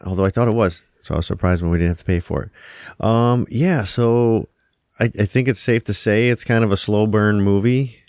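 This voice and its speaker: A young man with a low voice chats casually about a film he just watched, rambling and swearing freely. His voice sits close and dry, with no room around it. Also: moderate pace, a little mellow, no echo. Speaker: podcast co-host. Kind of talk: casual movie review chat.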